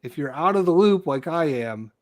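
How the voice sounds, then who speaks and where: A man's voice: fairly high pitch, lively intonation, normal speed, no room sound, clean studio sound. A man hosting a casual live chat show. He rambles, restarts his sentences and loses his train of thought. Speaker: podcast host.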